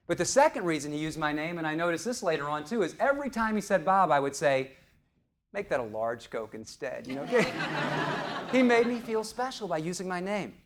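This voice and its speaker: Brief: middle-aged man, keynote storyteller, higher voice, playful and audience-quizzing. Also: animated, a little fast. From St. Louis, USA. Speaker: professional speaker.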